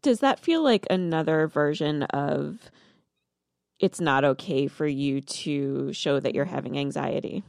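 A woman interviewer who narrates and asks questions in a calm, measured way. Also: deep voice, creaky, no echo, studio quality. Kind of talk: public radio narration and interview.

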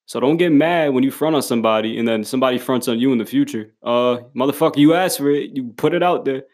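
A man's voice: medium pitch, quick pace, darkish tone. A young man giving a casual motivational monologue to the camera, blunt and full of swearing and slang, often laughing as he talks. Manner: profane, blunt street slang, emphatic; laughs often while talking.

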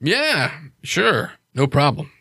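A man voicing a big, young, easygoing male troll gang member, with halting, laid-back speech in a dry recording. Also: on the high side, very animated, vocal fry, bright, forceful tone, breathy edge, dry recording, heavily acted. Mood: friendly.

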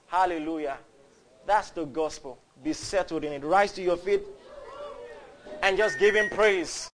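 High-voiced preacher. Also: male voice, a little slow. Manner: fervent, builds to loud cries, storytelling. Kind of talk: sermon.

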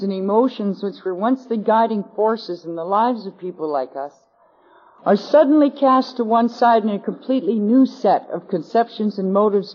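A woman with a Canadian accent, giving a wry, self-mocking personal testimony to a convention audience, on an old tape. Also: medium pitch. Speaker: speaker at a recovery convention. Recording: dull lo-fi 1980s convention tape.

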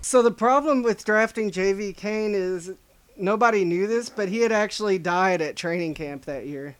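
A man's voice: high voice, normal speed, clear, resonant tone. A man hosting a casual podcast chat and telling a story. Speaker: podcast host.

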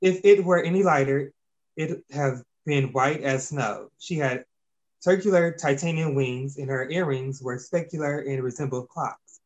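A man's voice: medium pitch, a little slow. Man reading a story with slips. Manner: reads with slips and self-corrections. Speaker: narrator. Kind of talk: reading an amateur fantasy story aloud.

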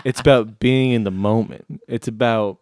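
A man's voice: medium pitch, steady tone, normal speed, darkish tone, slight background noise. A man chatting on a comedy podcast in a rambling, playful way, sometimes trailing off into mutters. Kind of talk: casual comedy chat.

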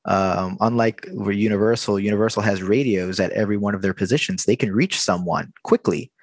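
Guy with a lowish voice telling a work story, acts out all the back and forth, dry close sound. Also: brisk, dry recording. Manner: animated, acts out the dialogue. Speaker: theme park worker telling a story. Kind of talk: casual storytelling.

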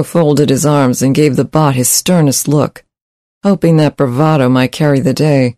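A man reading a science fiction story aloud in measured, steady scripted narration. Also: a little high, no echo, clean studio sound.

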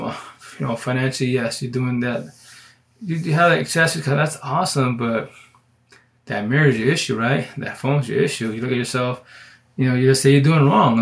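A man's voice: medium pitch, creaky. A man hosting a live stream, giving rambling, slang-heavy advice in casual chat.

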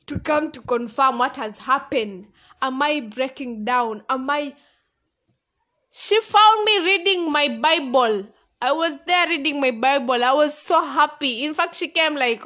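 Brief: young woman, high voice, lively conversational host, personal storytelling. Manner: animated, laughing, conversational. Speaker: podcast host. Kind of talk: casual storytelling monologue.

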